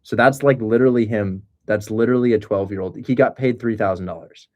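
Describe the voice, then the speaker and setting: A young man hosting a casual livestream, excitable and joking. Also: on the low side, a little fast, muffled recording. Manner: excitable and joking, breaks into loud mock accents. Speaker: host of a livestream on real estate wholesaling.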